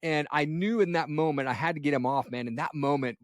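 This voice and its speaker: A man's voice: on the high side, fairly quick, no room sound, clean studio sound. A man in his forties hosting a podcast, talking in a laid-back, reflective way and often saying "man.". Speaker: podcast host. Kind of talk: casual conversation.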